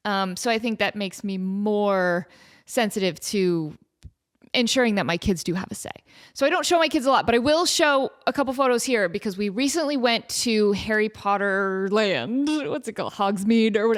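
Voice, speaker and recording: A woman's voice: medium pitch, moderate pace. A woman in her thirties hosting her own podcast, talking casually with frequent laughs and fillers. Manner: chatty, laughing, lots of fillers. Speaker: podcast host. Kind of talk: casual chat.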